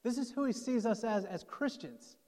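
High-voiced male preacher in a reverberant hall. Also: expressive, moderate pace, darkish tone. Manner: conversational preaching, voicing quoted speakers. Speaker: pastor. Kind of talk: sermon.

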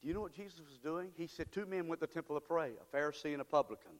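Fervent preacher, big hall echo. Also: male voice, on the high side, racing. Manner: swings from quiet asides to shouted fervent appeals. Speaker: pastor. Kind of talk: sermon. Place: church sanctuary. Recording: long church hall reverb.

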